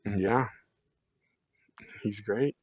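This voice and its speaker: A man's voice: on the low side, extremely slow, darkish tone, slightly rough, no room sound. A man talking as a podcast guest in a rambling, casual way, full of fillers and restarts. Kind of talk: casual chat. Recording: dull lo-fi sound.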